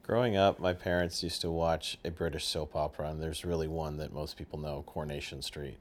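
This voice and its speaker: Deep-voiced North American man hosting. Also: steady tone, a little fast, slight background noise. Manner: chatty, frequent restarts and laughter. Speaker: podcast host. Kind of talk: casual chat.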